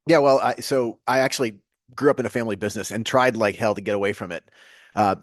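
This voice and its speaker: A man's voice: fairly low pitch, fast talker, no room sound, clean studio sound. A man with a Southern US accent, a podcast guest telling his story in a wry, easygoing way. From Atlanta, USA. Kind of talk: casual podcast conversation.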